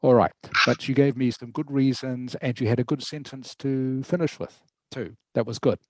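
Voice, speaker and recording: Male English teacher, patient and encouraging, steady mid voice, dry close sound. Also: medium pitch, normal speed, no room sound, poor audio. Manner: patient, encouraging, checks understanding often. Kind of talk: online lesson feedback.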